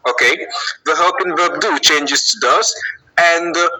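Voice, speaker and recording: A man leads an English grammar lesson in a very bright, sharp voice that sits a little high. He says the example sentences slowly and clearly and keeps checking in with a questioning "okay?". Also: low-quality recording. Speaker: English teacher.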